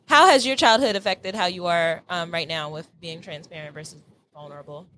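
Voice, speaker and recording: A woman's voice: fairly low pitch, brisk, slight background noise. Candid woman hosting a casual podcast. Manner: relaxed and candid, puts questions to guests. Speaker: podcast host. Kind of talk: casual chat.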